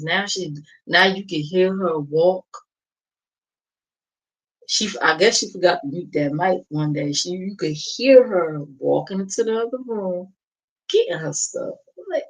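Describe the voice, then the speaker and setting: A woman's voice: fairly low pitch, a little slow, poor audio. A woman hosting a casual reaction livestream, gossiping and mocking in a sassy, drawling way. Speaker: livestream host. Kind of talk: casual reaction stream chat.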